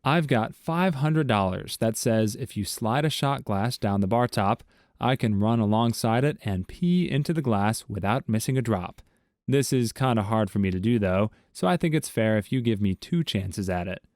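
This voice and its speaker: A man's voice: on the low side, animated, moderate pace, a little mellow, no echo, clean studio sound. A man voicing a cocky male barroom hustler, breezy and persuasive.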